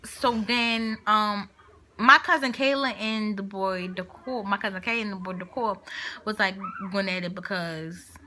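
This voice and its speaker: A woman's voice: mid-range voice, measured pace, slight background noise. A young woman vlogger telling a story in casual, slangy talk, acting out what each person said. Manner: animated, acts out quotes of people in the story. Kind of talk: storytime vlog, casual retelling.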